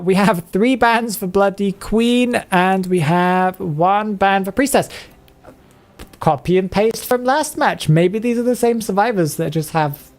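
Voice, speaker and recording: A man's voice: high voice, a little mellow. Chatty man with a playful put-on accent. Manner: chatty, puts on a playful made-up accent, rolling his R's. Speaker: streamer commentating viewers' matches. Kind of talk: live game commentary.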